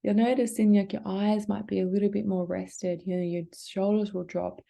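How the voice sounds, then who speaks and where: An Australian woman leading a breathing workshop as a yoga teacher, guiding gently and encouragingly in a casual, chatty way. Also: mid-range voice, little pitch movement, moderate pace, gravelly. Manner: gentle, encouraging, casual filler-heavy guidance.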